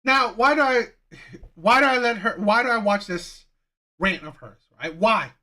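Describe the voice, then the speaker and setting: A man's voice: high voice, normal speed, bright, forceful tone. A man hosting a reaction channel, ranting heatedly in repetitive, swearing commentary.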